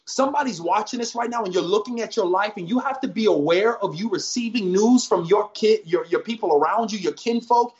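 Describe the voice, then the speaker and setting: High-pitched pastor guy preaching on a podcast, slangy and punchy, kinda dull lo-fi audio. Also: brisk, few pauses. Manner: energetic, slangy storytelling with emphatic repeated phrases. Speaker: pastor guest.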